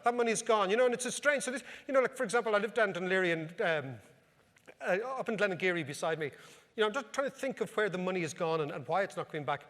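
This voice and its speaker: A high-voiced Irish man spins wry, anecdotal stories for a live audience at a club. His talk rings with a long reverb from the hall. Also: lively intonation, very fast, a bit bright. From Ireland. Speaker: economic commentator, speaker. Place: club function room.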